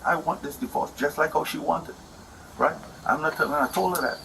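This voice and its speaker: A man's voice: a little high, fairly quick, vocal fry, sharp tone, slight background noise, rough recording. A man rambling in an aggrieved, repetitive way as he complains to an officer about a domestic dispute. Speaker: husband explaining a domestic dispute. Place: indoors at a house.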